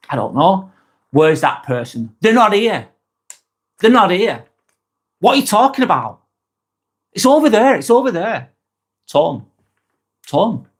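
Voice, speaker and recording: A man's voice: on the high side, slightly rough. A man giving casual advice to camera, rambling and often repeating himself or restarting his sentences. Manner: uses mate in chatty address. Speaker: self-help video host.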